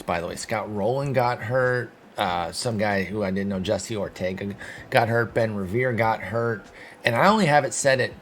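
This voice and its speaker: A man giving casual, excitable commentary while playing a sports video game, talking to his viewers and mocking himself. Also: fairly low pitch, slight background noise. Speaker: gaming video host.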